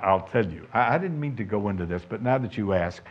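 A man's voice: fairly low pitch, animated, normal speed, vocal fry, slightly rough. A man preaching a sermon, emphatic and conversational, putting questions to his listeners. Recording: dull lo-fi sound.

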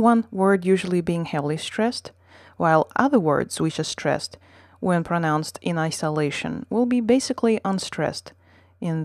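Female podcast teacher, deep voice, dry close sound, steady scripted explanation. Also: no room sound. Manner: measured, explanatory reading with model words. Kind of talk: scripted lesson reading.

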